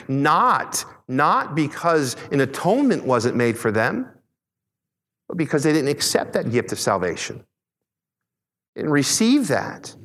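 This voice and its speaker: Earnest preaching man in reverberant church. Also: medium pitch. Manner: earnest preaching with frequent restarts and repeated words. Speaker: pastor. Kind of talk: sermon.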